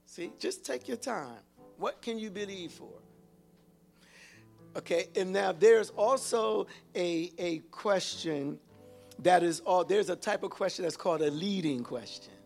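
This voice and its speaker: A man with a notably high voice leads a teaching sermon and keeps checking in with the congregation. He stumbles over repeated words as he reaches for ideas. Faint instrumental music sits low behind him. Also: lively intonation, gravelly. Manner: calls out to the congregation with repeated "hello?" and "whoa"; halting, repeats words while searching for them. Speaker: pastor and Bible teacher.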